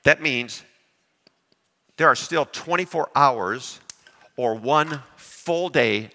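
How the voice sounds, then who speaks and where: A man preaching a sermon, lively and animated, often putting questions to his congregation. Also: mid-range voice, slow, in a large hall. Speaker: pastor.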